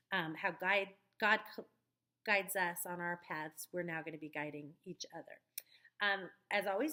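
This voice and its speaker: A woman talks volunteer teachers through a week's lesson plan in a relaxed, chatty way, pausing on ums as she goes. She records the briefing herself at home on a webcam or computer mic. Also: mid-range voice. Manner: friendly, talks teachers through steps with many fillers. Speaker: children's ministry leader. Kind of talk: casual instructional video briefing. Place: at home, dog nearby.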